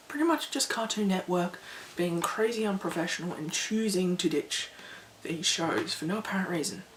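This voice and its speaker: A woman vlogging to her viewers in a chatty, rambling, animated way. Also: medium pitch. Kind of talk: casual talk to camera. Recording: echoey room, faint background noise.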